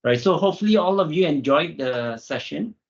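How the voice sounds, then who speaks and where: Gravelly male host, filler-heavy, dull stream audio. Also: on the high side, expressive, fairly quick. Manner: filler-heavy, says "right" and "all right". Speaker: online session host. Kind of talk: wrapping up a live session.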